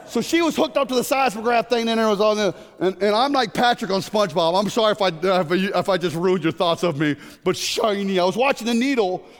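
A middle-aged man preaching a sermon, animated and jokey, breaking into sudden shouts. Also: sits high. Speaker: pastor. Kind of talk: sermon with comic stories. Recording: long hall reverb.

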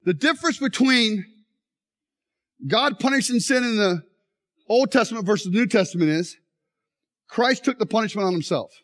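Preacher, middle-aged man, lively swooping delivery, acts out voices in his stories. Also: high voice, normal speed, pauses often. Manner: animated storytelling, acts out voices. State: injured leg, straining. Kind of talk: sermon with live demonstration.

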